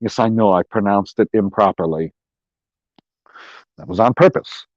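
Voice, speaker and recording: A man's voice: on the low side, moderate pace, no echo. A man hosting a live stream, ranting in a profane, sarcastic way and mimicking people he mocks. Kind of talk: profane casual rant. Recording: dull, dry lo-fi stream audio.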